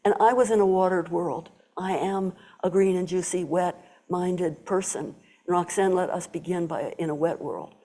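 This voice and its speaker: A woman's voice: fairly low pitch, steady tone, normal speed, dark tone. An older woman giving a storytelling Zen talk to a live audience, acting out quoted voices and dropping to whispers.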